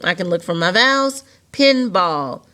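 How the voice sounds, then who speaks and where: A woman's voice: on the low side, animated, unhurried, pushed and bright. A woman teacher patiently walking children through a phonics lesson step by step. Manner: patient, step-by-step explaining with rhetorical questions.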